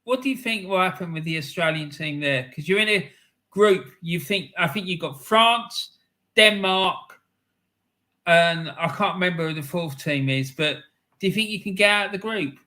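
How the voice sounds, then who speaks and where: A man's voice: sits high, moderate pace, sharp tone. A man hosting a casual football podcast interview, chatty and agreeable as he asks questions.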